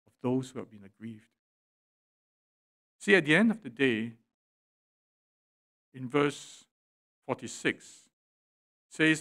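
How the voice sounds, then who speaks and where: Guy pastor preaching a sermon, slightly high voice, gets loud then goes soft. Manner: preaching with dramatic swells and drops in volume. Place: church sanctuary.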